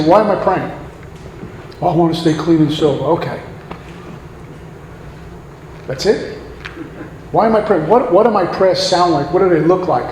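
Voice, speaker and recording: Man, high-pitched voice, earnest sermon-like recovery talk, rhetorical questions, roomy hall echo. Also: darkish tone. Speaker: guest speaker at a recovery meeting. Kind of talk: recovery meeting share, sermon-like. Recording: echoey hall, faint background noise.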